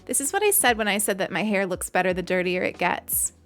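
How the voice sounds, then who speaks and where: A woman's voice: medium pitch, expressive, fairly quick, fairly bright tone, soft background music. A young adult woman streamer chatting casually and giggling as she thanks donors on a live stream.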